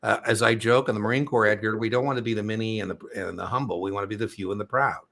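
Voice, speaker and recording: Gravelly, bright-voiced chatty man. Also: fairly low pitch, fairly even intonation, rapid-fire. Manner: chatty, rambling, jokey. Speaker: exam prep host. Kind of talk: casual live-stream chat.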